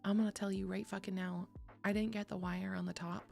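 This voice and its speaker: A young woman streamer with a gravelly edge to her voice, rambling loosely to her chat. She laughs easily and swears freely. Soft music plays faintly underneath. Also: medium pitch, little pitch movement, brisk. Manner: chatty, swears freely, laughs often, reads chat aloud. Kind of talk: casual chat with chat.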